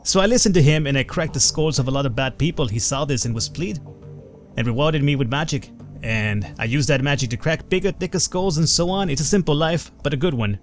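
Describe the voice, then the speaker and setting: A man voicing a rowdy, gruff older male punk-rocker mage in a put-on Irish accent while reading game dialogue. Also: on the high side, a little fast, faint music behind, close to an everyday voice. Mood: swaggering.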